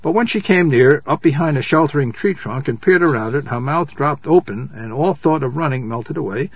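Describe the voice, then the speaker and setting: A man reading a children's novel aloud at a measured pace, calling out the page numbers as he goes. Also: a little high, lively intonation, breathy edge, no room sound, highs cut off. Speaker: reader.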